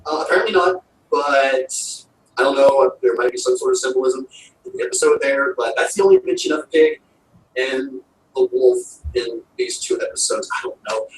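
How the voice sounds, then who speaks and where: Animated man recapping, roomy distant sound. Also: on the high side, normal speed. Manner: rambling, animated, full of fillers. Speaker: show reviewer. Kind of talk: casual episode recap. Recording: roomy, distant mic with faint noise.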